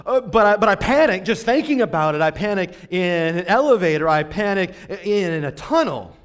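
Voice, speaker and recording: A fretful, jittery woman patient stumbles over her words, her voice pushed a bit higher and louder, as a male preacher puts her on while telling the story. She sounds uneasy and restarts her sentences. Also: lively intonation, normal speed. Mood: anxious. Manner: hesitant, stammering. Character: anxious female patient, nervous and fretful.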